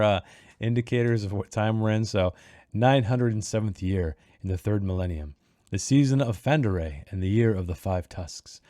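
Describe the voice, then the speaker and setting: A man with a fairly low voice hosts a casual book club read-along. He reads passages aloud, then muses about them, stumbling over restarts and fillers. The sound is dry and close, with no room around it. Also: darkish tone, dry recording.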